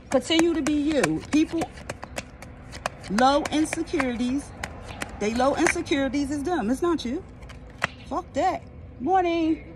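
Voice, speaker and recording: A woman's voice: high voice, noisy background. A woman giving a casual tarot reading outdoors, blunt, profane and emphatic. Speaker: tarot reader.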